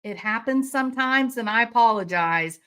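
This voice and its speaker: A woman's voice: fairly high pitch, moderate pace, fairly bright tone, clear, resonant tone. A woman commenting on a crime case, angry and indignant, with sarcastic rhetorical questions. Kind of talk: impassioned commentary.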